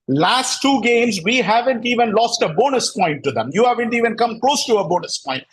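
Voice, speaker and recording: Fired up guy ranting on his cricket show, kinda high, husky, keeps repeating himself. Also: animated, a little fast, low-quality recording. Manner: combative, sarcastic, repeats himself. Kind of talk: heated casual rant.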